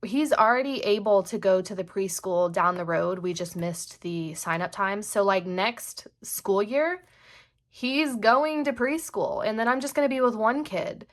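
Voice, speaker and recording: A woman's voice: mid-range voice, measured pace. A young woman, chatting casually in a home planner vlog, rambling with lots of "like" fillers. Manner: rambling, filler-heavy with frequent "like". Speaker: planner vlogger and mom. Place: home desk.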